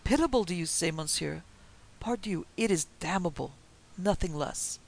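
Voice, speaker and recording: A man's voice: sits high, expressive, normal speed, gravelly, full character voice, low-quality recording. A man doing an impetuous little Frenchman. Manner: impetuous, exclamatory, formal phrasing.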